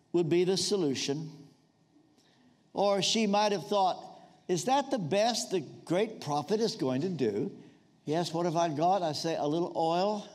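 An older man preaching a sermon, telling stories and dropping his voice to act out the quotes. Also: darkish tone. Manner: storytelling, acts out quotes in lowered voice.

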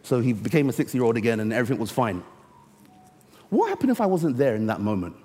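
A man preaching a sermon, telling a story and slowing down to stress key words. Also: mid-range voice, sing-song, mellow. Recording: long reverb of a large hall.

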